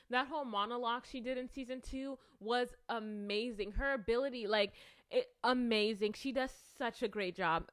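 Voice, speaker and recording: Chatty young woman, clear smooth voice. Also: a little high, fairly bright tone, dry recording. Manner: chatty, filler-heavy, self-conscious, restarts often. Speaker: video creator. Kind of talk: casual rambling commentary.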